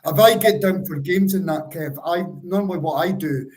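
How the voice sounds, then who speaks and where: A man's voice: sits high, moderate pace, a little mellow, poor audio. A man co-hosting a fan livestream, chatting casually and giving step-by-step advice in a stop-start way. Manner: calls listeners bro. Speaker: co-host of a football fan livestream. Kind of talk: casual chat.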